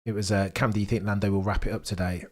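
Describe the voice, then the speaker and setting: A young man hosting a live watchalong stream, chatting excitedly with his viewers and bantering as he goes. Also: lowish voice, quick pace, husky.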